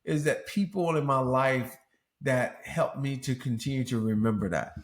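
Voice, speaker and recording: A man's voice: mid-range voice, normal speed. A middle-aged man and podcast host speaking candidly and earnestly, his voice rising into preacherly swells. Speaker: podcast host and former pro athlete. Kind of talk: candid interview talk. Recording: roomy echo.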